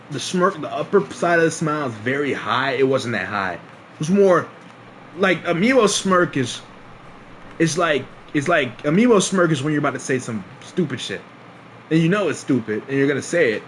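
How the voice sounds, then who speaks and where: Animated young man telling a story. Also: on the high side, a little hiss or hum. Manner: animated, swears a lot, laughs often, acts out quotes loudly. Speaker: streamer. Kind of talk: casual storytelling to stream chat.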